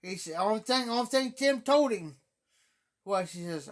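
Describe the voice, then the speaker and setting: A man with an Ohio accent telling rambling stories on a live stream, repeating himself and often clearing his throat. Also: sits high, expressive, normal speed. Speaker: livestream host. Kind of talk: casual storytelling chat. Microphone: phone or webcam on a live stream.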